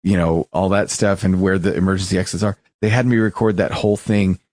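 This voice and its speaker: A man co-hosting a casual podcast chat, animated and stop-start, laughing often. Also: sits low, fairly quick, no room sound. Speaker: podcast co-host.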